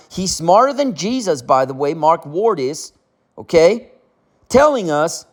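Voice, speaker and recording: A man giving a ranting commentary, indignant and repetitive, often asking "okay?". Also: high-pitched. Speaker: channel host.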